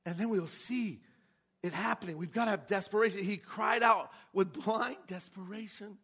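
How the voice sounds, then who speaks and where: A man's voice: sits high, moderate pace, creaky, fairly bright tone, husky. A man preaching a sermon with passion, asking his congregation rhetorical questions. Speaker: pastor.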